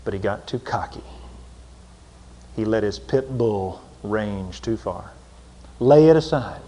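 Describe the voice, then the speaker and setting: A man preaching a folksy sermon, swinging from loud emphatic lines to low intense asides. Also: slow, a little hiss or hum. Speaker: pastor. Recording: long hall reverb.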